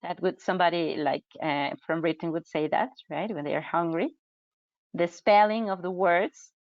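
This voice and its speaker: Latina teacher lady running a zoom webinar, lowish voice, chatty, dull dry computer mic sound. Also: moderate pace, dry recording. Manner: upbeat, chatty, reacts to chat comments. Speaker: English teacher trainer. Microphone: computer mic on a video call.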